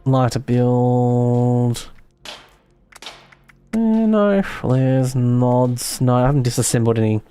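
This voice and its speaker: A man's voice: mid-range voice, takes it slowly, long pauses, warm tone, clean tone, faint music behind. Chatty man streaming a game. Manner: thinks aloud, chatty and self-mocking. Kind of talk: casual gaming commentary.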